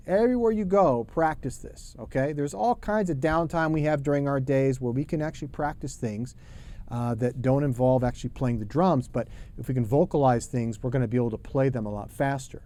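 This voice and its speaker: A middle-aged man teaching a drum lesson, talking in a relaxed, chatty way and singing rhythm syllables. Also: medium pitch, fairly quick.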